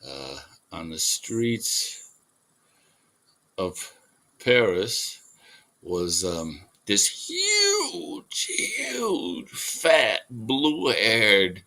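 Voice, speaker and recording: Male artist-host, casual rambling monologue, lowish pitch, bright tone. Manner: rambling, with fillers and chuckles. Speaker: artist hosting a livestream.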